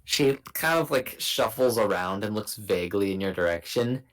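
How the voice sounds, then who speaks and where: Very low-voiced woman game master. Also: lively intonation, moderate pace, rough recording. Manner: descriptive, hesitant, many fillers. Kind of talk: narrating a tabletop game.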